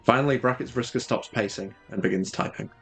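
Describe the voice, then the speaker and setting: A man's voice: fairly low pitch, brisk, music in the background. A young man reading story narration aloud and chatting easily on a podcast. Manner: easygoing, accommodating. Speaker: podcast co-reader. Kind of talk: read-aloud narration and casual chat.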